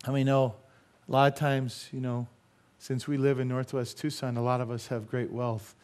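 A man's voice: medium pitch, flat delivery, normal speed, darkish tone. A middle-aged man preaching a sermon as pastor, emphatic and full of rhetorical questions to the congregation.

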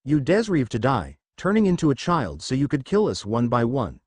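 A man's voice: mid-range voice, huge pitch swings, moderate pace, dry recording. A man voicing a cold, hateful villager in an angry mob, in a fan fiction reading.

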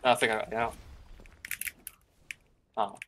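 A man's voice: fairly low pitch, level tone, measured pace. A man teasing his friend and laughing while playing an online fighting game. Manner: teasing, laughing, repeats taunts. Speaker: gamer. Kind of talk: casual gaming banter. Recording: noisy game audio with clicks.

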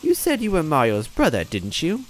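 A man's voice: fairly high pitch, huge pitch swings, moderate pace, soft background music, voice pushed up. A man voicing a sly old female witch creature who puts on a sweet, syrupy manner in a storybook reading. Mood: fake-sweet. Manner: sugary with sudden snapping.

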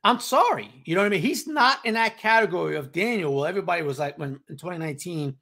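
A man's voice: high voice, animated, quick pace, pushed and bright. A man co-hosting a casual sports talk show, emphatic and repetitive, acting out the reactions of others. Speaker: podcast co-host.

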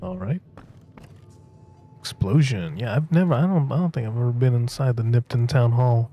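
A man's voice: mid-range voice, moderate pace, dark tone, muffled recording, soft background music. A man streaming a video game, chatting casually, joking and tripping over his words. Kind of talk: casual live-stream gaming commentary.

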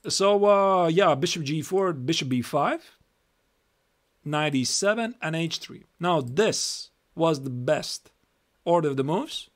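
A man's voice: on the high side, expressive, slow. Chatty Latvian man teaching chess on stream. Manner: chatty, repeats phrases, reads moves aloud. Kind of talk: live-stream chess lesson.

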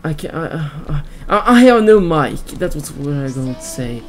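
A man giving let's play commentary on a horror game as a gaming YouTuber. He yells in fright at the game and cracks goofy jokes. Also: fairly high pitch, big pitch swings, normal speed, faint music behind.

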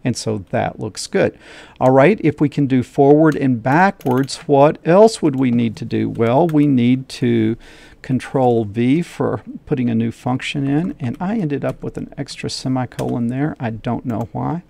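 Slow, gravelly middle-aged male teacher. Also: mid-range voice, mellow. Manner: thinks aloud, repeats steps, checks himself. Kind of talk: screen-share coding lesson.

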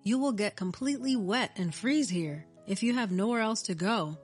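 A woman's voice: mid-range voice, normal speed, slightly rough, faint music behind, close to an everyday voice. A woman voicing a kind, earnest young woman in a storybook reading. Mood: eager. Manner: earnest, pleading.

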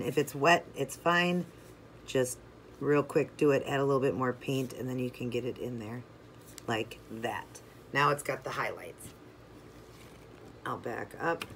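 A nail art channel host talking viewers through each step of a toe design while working, chatty and relaxed, sometimes drifting away from the mic. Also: mid-range voice, slight background noise. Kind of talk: step-by-step craft tutorial.

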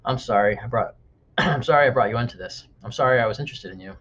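A man's voice: mid-range voice, quick pace, fairly bright tone, natural voice. A man reading an audiobook, voicing an undead teenage girl who speaks steadily and earnestly. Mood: apologetic. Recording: dull lo-fi audiobook recording.

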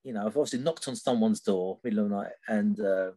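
A man's voice: on the low side, quick pace, warm tone, no room sound. A middle-aged man, a podcast guest telling a personal story candidly and loosely, often tagging sentences with "right?". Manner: rambling, keeps checking in with "right?".

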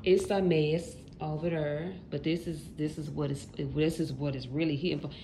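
This is a woman in her late twenties talking casually to her viewers, full of folksy slang. Her voice sits low and has a gravelly, fry-heavy texture. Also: fairly even intonation, normal speed, mellow, a little hiss or hum. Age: late 20s. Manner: chatty, talks straight to viewers, folksy slang. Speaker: vlogger.

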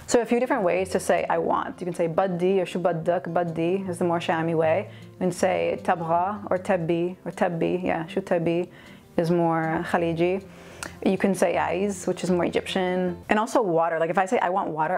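Woman, casual language lesson, fast talker, gravelly fry, explains slang terms. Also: on the low side, fairly even intonation, a little mellow. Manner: switches between English and Arabic, explaining slang. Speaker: language teacher.

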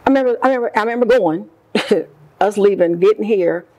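A middle-aged woman, a guest in an interview, recounting her past in an emotional, animated way and acting out what people said. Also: medium pitch, normal speed, low-quality recording. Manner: emotional, animated retelling with quoted voices. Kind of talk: personal story in an interview.

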